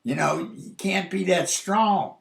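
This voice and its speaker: A man's voice: high voice, slow, creaky, reverberant, exaggerated voice. A man voicing his wife in labor who fretfully complains about a neck rub, repeating herself.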